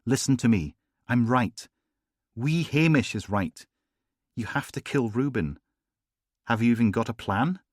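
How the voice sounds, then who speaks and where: A man's voice: medium pitch, expressive, unhurried, pauses often, dry recording, studio quality, pitched above the performer's own voice. A man voicing an insistent, teasing woman who pushes her partner in an audiobook reading. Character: pushy woman urging her partner, sardonic.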